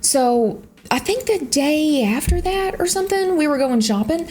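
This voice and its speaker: A woman's voice: high-pitched, normal speed, a little hiss or hum. A young woman with a Southern US accent, rambling through casual stories while she plays a game, swearing freely. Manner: rambling, animated, swears freely, frequent laughter. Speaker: YouTuber. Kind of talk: casual storytelling chat.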